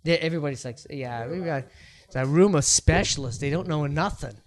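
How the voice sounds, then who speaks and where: Nasal male host, high-pitched, jokey and excitable, casual podcast banter. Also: brisk. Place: small studio den with live audience.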